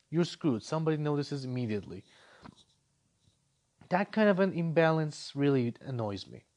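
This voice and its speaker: A man giving a casual spoken game review, ranting in an animated, exasperated way. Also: on the high side, muffled recording.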